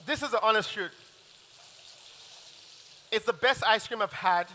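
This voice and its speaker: A man's voice: sits high, measured pace, pushed and bright, slight background noise. A man chef giving a live cooking masterclass, chatty and rambling, often restarting his sentences. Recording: long reverb of a large hall.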